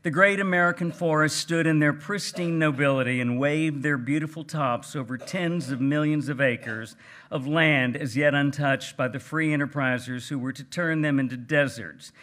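A man voicing a cranky, plainspoken older Texas gentleman writer with a Texan accent, reading aloud with a dry, folksy manner. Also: on the high side, normal speed, natural voice. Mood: wry. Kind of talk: reading aloud at a book event.

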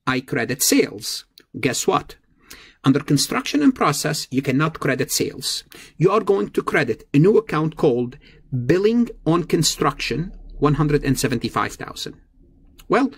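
A man with a slightly husky, higher-than-usual voice teaches an accounting lesson. He walks through each step methodically, repeats the key figures and corrects himself mid-sentence as he goes. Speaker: accounting instructor. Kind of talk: recorded lecture.

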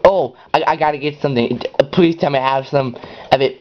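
A man giving rambling, excitable gameplay commentary as host of his own channel, now and then breaking into high yells. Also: fast, slight background noise. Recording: dull lo-fi recording.

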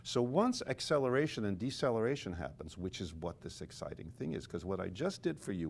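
A man's voice: medium pitch, very animated, fast talker, few pauses, a little mellow. An older man, a conductor and author, explaining music with animation in conversation and singing phrases to illustrate his points.

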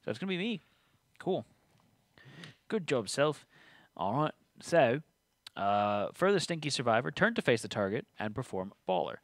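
A man's voice: mid-range voice, very animated, normal speed, long pauses, dry recording, clean studio sound. A man hosting a tabletop game stream, reading rules aloud and teasing his co-player. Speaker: game host. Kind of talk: casual tabletop game play.

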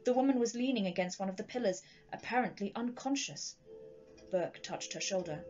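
Woman storyteller, dramatic ghost-story reading, mid pitch, slightly dull recording. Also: lively intonation, darkish tone, soft background music. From Sheffield, England. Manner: measured, dramatic narration.

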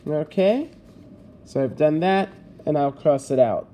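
A male teacher talking his pupils through an exercise at an unhurried pace. His voice is warm and mellow, and he explains each step patiently. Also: a little high, expressive, a little hiss or hum. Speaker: grade 5 teacher. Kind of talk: recorded classroom lesson.

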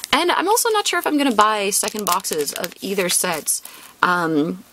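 Chatty woman with a gravelly edge. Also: medium pitch, dry recording. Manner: chatty, rambling, excitable. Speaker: trading card YouTuber. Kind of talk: casual chat while opening card packs.

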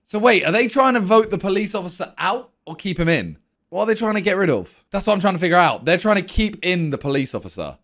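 A man's voice: sits high, big pitch swings, fast, fairly bright tone. A young man casually reacting to a video, thinking aloud and second-guessing himself.

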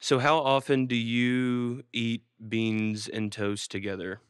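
A man hosting a comedic interview, asking odd questions in an awkward, deadpan way. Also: medium pitch, slow pace, clear, resonant tone, no echo. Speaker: host.

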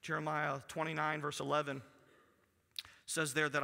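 A man preaching in a church, his bright, ringing voice sitting a little high for a man. He reads scripture aloud and sinks to near-whispers to stress a point. Long reverb from the hall trails every phrase. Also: level tone, moderate pace, creaky, pauses often. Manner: reads scripture aloud, dropping to a hushed voice for emphasis. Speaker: pastor. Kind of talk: sermon. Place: church sanctuary.

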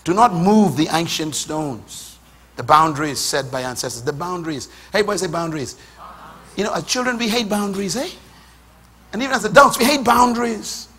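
A middle-aged Bahamian preacher delivers a fiery sermon, climbing to shouts and calling his congregation to respond. His voice sits high and bright and swoops widely from line to line. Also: lively intonation, normal speed, breathy edge.

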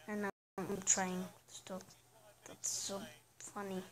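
Slow and monotone, her mid-range voice carries casual commentary over a soccer video game on her gaming channel. She's chatty, reacts aloud to every play, and often trails off, though the audio quality is poor.

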